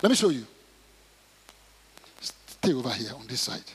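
A middle-aged man preaching a sermon, acting out prayers and Bible stories and rising to shouts. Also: medium pitch, sing-song, a little slow, husky. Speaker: pastor. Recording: long hall reverb.

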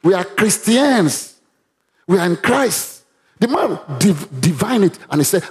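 Animated Nigerian pastor, lively pitch. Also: male voice, normal speed. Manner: animated preaching with sudden loud rises. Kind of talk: sermon with Bible reading.

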